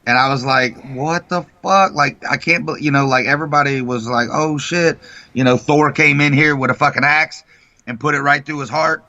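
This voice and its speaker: A man with a bright, forceful tone, close and dry with no room sound. He co-hosts a casual morning talk show and tells stories with plenty of swearing. The recording is a little dull and lo-fi. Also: medium pitch, fairly quick, no echo. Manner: animated storytelling, heavy swearing. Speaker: co-host. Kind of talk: profane casual chat.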